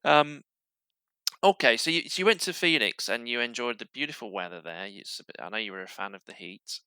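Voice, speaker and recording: A podcast host from Yorkshire with a softened Yorkshire accent, chatting casually and interviewing a guest with frequent restarts and fillers. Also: male voice, medium pitch, a little fast, clear, resonant tone, no echo. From Yorkshire, England.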